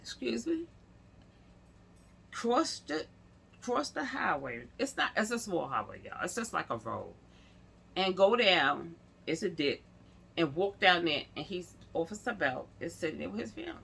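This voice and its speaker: A woman's voice: fairly low pitch, sing-song, normal speed, gravelly, a bit bright, slight background noise. A woman vlogger telling a story in a casual, chatty way, acting out the people she quotes and often speaking straight to her viewers. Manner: chatty, keeps addressing viewers directly.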